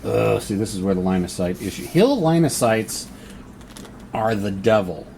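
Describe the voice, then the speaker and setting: There's slight background noise as a man with a fairly low, gravelly, warm voice talks himself through a solo board wargame. He speaks at normal speed with big swings in pitch, muttering and reading the rules aloud while reasoning through each turn.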